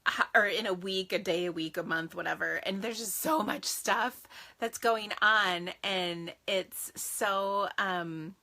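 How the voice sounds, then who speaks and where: A woman chats casually to her livestream viewers from her craft room at home. Her voice is bright and forward, with sing-song greetings. She talks loosely, full of fillers and restarts. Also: mid-range voice, takes it slowly.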